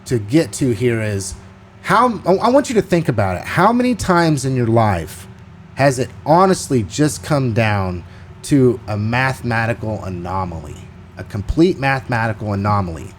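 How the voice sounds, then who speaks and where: A man hosting a podcast, telling a story in a casual, animated and rambling way. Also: medium pitch, normal speed, slight background noise. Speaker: podcast host.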